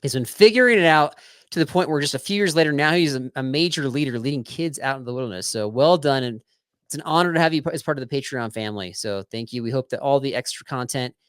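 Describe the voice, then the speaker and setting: A man's voice: medium pitch, lively intonation, fast, smooth, no room sound, studio quality. A man co-hosting a podcast, playfully reading trivia questions like a teacher and thanking supporters in casual chat. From Colorado. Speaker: podcast co-host.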